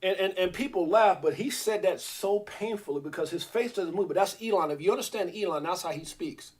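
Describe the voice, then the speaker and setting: Fired-up high-voiced male stream host. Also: fairly quick, very noisy. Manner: fiery, repeats himself, stammers when worked up. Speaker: livestream host. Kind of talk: heated casual commentary.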